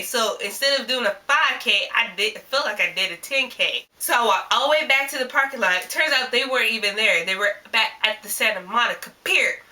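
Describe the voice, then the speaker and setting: A woman vlogger recounting a story in casual, animated chat, filling her sentences with "like". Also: on the high side. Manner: rambling and animated, constant "like" fillers. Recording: voice a little distant from the mic.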